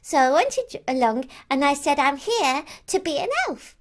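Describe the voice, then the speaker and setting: A woman's voice: high-pitched, lively intonation, moderate pace. A woman playing a childlike female Christmas elf who rambles on with lots of "like" and "um". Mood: rambling. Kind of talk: character monologue to camera.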